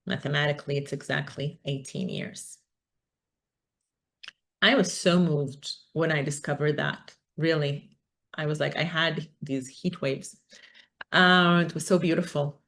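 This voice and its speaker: A woman's voice: deep voice, fairly even intonation, unhurried, gravelly, a bit bright. A woman giving an academic talk, thoughtful and hesitant, with many fillers. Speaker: academic speaker. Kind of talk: conference talk.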